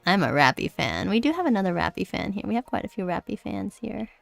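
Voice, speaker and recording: A woman's voice: mid-range voice, very animated, fast, vocal fry, no room sound, faint music behind. A woman streamer chatting casually during a game, giggly and apologetic, talking close to her mic. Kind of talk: casual gaming livestream chat. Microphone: close desk mic.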